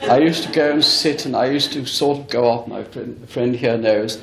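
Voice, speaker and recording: Amid crowd noise and hall echo, a man with a medium-pitched voice and some vocal fry gives a spiritualist lecture as a medium at a moderate pace. He recounts a story earnestly and forcefully, often turning to address the audience.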